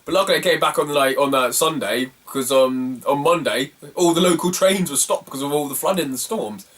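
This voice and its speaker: A retro game collector vlogger tells a rambling, self-mocking travel story in a casual video, laughing at his own tales. His voice is fairly high, brisk and fairly bright, and he's recorded from a distance.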